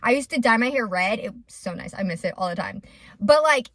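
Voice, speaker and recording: A young woman talks candidly to her vlog audience. She rambles and leans on "like" as she works through her thoughts. Her voice sits in a middle pitch and is recorded with a dry, close sound. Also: lively intonation, a little fast, a bit bright, no echo. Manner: rambling and open, with many "like" fillers. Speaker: vlogger and small business owner.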